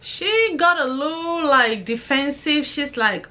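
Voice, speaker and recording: A young woman recounts a personal testimony in a lively, story-telling way. Her voice sits a little high. She slips into the voices of people she talks with and keeps coming back to praising God. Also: slow pace. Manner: animated, acts out both sides of conversations. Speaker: vlogger sharing a personal testimony.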